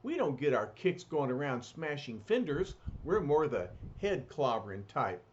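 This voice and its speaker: A man voicing a gruff rock-skinned brawler with tough-guy slang, reading a comic aloud. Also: medium pitch, very animated, measured pace, muffled recording.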